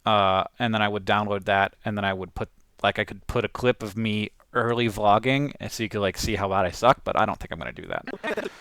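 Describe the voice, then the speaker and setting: A man's voice: on the low side, brisk, fairly bright tone, smooth, no echo. A man casually talking through his own video edit, rambling with lots of fillers and restarts. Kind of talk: casual talk-through while editing.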